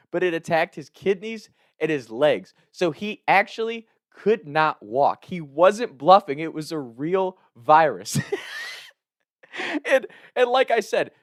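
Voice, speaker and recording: A man's voice: a little high, no room sound, clean studio sound. A man telling a personal story in a casual way, often laughing as he talks. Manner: laughs often while talking, animated retelling.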